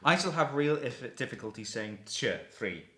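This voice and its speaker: A man's voice: mid-range voice, lively intonation, moderate pace, fairly bright tone. Chatty man in an echoey room. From United Kingdom. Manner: chatty, playful, acts out quoted exchanges. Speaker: interviewee, expat writer. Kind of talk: casual chat.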